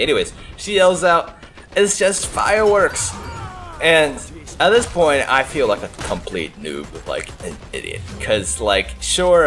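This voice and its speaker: A man with a low voice tells a story casually over gameplay, chatty and animated, and he leans on fillers like "like" and "uh". Quiet music plays faintly underneath. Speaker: gaming channel host. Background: faint background music.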